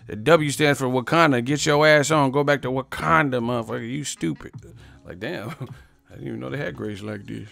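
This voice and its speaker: A man hosting a boxing live stream, ranting casually and loudly, swearing, mocking and laughing often as he reads the chat. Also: mid-range voice, moderate pace, vocal fry, no room sound, faint music behind.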